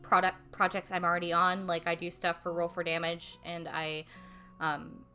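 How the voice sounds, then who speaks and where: Young woman streamer, bright sharp voice, faint guitar underneath, loose rambling chat with cursing. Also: fairly low pitch, completely flat delivery, normal speed. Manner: rambling, self-deprecating, casual swearing, laughs often. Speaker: streamer and voice actor. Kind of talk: casual livestream chat.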